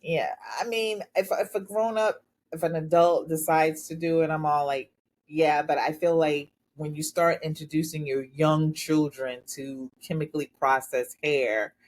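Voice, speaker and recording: A middle-aged woman co-hosting a podcast with a notably low voice. She talks in a measured, reflective manner and speaks candidly about her own habits. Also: steady tone, a little mellow. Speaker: podcast co-host. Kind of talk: casual chat.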